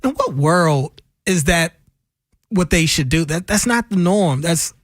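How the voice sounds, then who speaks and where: A man's voice: a little high, lively intonation, unhurried, dry recording, studio quality. A man co-hosting a sports talk radio show, talking casually and getting fired up over his opinions. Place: radio studio. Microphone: studio microphone.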